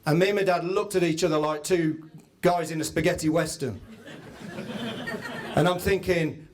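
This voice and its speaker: A man's voice: fairly high pitch, fairly even intonation, normal speed, pauses often, a crowd in the background. A man hosting a live event, telling comic stories to an audience and interviewing guests. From England. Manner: chatty, comic storyteller. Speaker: event host. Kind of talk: stage storytelling to an audience.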